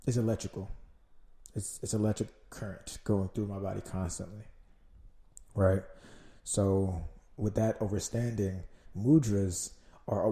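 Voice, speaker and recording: A man's voice: on the low side, warm tone, reverberant. A man with a Jamaican accent hosting a casual solo podcast, rambling and swearing as he loses his train of thought. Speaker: podcast host.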